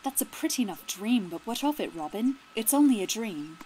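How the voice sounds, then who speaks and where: A woman's voice: fairly high pitch, big pitch swings, a little fast, dark tone, a little hiss or hum, poor audio. A woman reading as a teasing young minstrel.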